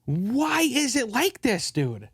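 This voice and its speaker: A man's voice: extremely high pitch, huge pitch swings, slow, slightly rough, no room sound, clean studio sound. A man hosting a casual podcast, ranting and joking with his co-host, often mimicking other people's voices.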